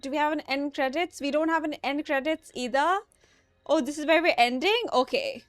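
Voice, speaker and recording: A young woman hosting an anime reaction in a high, bright-pitched voice. She talks casually and with exasperation straight to her viewers and swears now and then. The sound is dry and close, with no room echo. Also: moderate pace.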